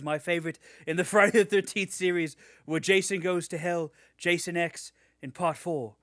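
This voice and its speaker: A bright, forceful young man co-hosting a casual podcast. He reads fan reviews aloud in a sarcastic, mock-enthusiastic tone and swears freely. His voice sits a little high and sounds dry and close to the mic. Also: fairly even intonation, normal speed, hardly any pauses, dry recording. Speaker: podcast co-host.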